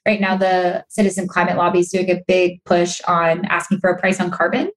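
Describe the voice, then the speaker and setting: A woman's voice: on the low side, brisk. Chatty young woman, lots of "like"s. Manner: animated, chatty, many "like"s and restarts; acts out quoted voices for emphasis. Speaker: podcast guest, sustainability creator. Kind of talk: casual interview chat.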